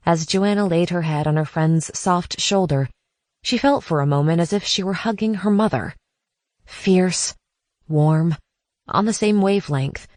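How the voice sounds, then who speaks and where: A woman narrating a post-apocalyptic audiobook in a measured, even reading. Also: lowish voice, no echo. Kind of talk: scripted narration.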